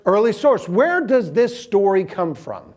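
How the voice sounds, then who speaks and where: Lively man preaching. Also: high-pitched, measured pace. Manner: animated storytelling with humor; conversational, asks the audience questions. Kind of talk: sermon to a live audience.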